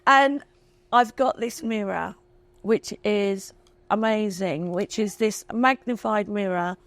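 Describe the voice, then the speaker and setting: A woman's voice: medium pitch, takes it slowly, dry recording. A woman in her fifties, a guest talking candidly and emotionally, chatty and self-mocking. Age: 50s. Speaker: interview guest. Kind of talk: candid chat.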